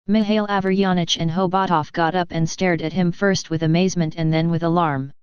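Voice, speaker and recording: A woman narrating an audiobook in a steady, even reading. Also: lowish voice, fairly quick, few pauses, clean tone, dry recording. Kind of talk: scripted narration. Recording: dull lo-fi.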